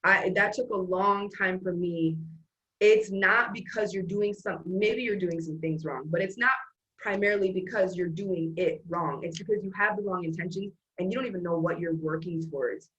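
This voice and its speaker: A woman's voice: on the low side, moderate pace, a bit bright. Woman, motivational faith talk, earnest, emphatic, rambling restarts, muffled recording. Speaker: host.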